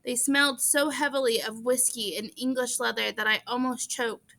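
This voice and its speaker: A woman reads a novel aloud in first person, earnest and steady with the odd small stumble. Her voice is high and notably bright. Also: normal speed, creaky. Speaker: audiobook reader.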